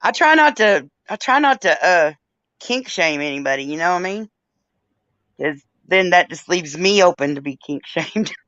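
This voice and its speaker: A woman's voice: fairly low pitch, expressive, moderate pace, a bit bright, no room sound. A plain-spoken woman chats casually on a livestream, swearing without a second thought and laughing often. Her voice comes through a dull, dry, lo-fi stream mic. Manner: blunt, profane, laughs easily. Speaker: livestream host.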